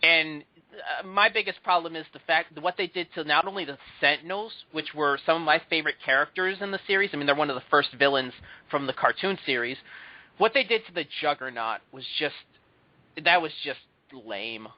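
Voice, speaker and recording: A man hosts a casual podcast and rants about what he dislikes. His voice sits a little high and sounds dry and close. The audio is dull and lo-fi. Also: brisk, no room sound. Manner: opinionated, ranting about films. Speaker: host. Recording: muffled lo-fi audio.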